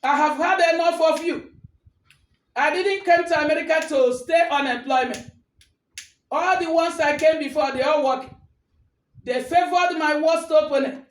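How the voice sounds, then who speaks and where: A high-voiced Nigerian woman rants at full force, shouting and scolding with defiance. Her voice rings around an echoey room. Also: moderate pace, long pauses. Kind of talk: angry rant to camera.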